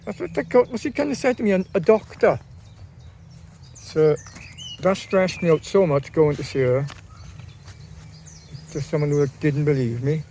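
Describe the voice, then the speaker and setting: A man's voice: a little high, moderate pace, pauses often, warm tone, slight background noise. A man vlogging in a casual, rambling way, often repeating and restarting his phrases. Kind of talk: casual talk to camera.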